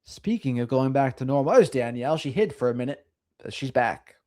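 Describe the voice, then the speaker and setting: A man's voice: medium pitch, brisk. A middle-aged man hosting a casual livestream, chatting with viewers in a sing-songy way. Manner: sing-songy, lively delivery. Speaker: livestream host. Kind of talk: casual livestream chat reading comments.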